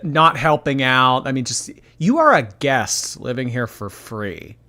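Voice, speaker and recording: A man's voice: mid-range voice, lively intonation, a little slow, sharp tone. A man hosting a casual reaction commentary, blunt and sarcastic as he talks over clips. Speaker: commentary host.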